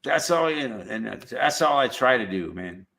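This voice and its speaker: A man's voice: mid-range voice, expressive, moderate pace, bright, forceful tone. A man from Southern California hosting his own YouTube channel, chatting casually in a blunt way, swearing freely and laughing often. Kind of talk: casual chat.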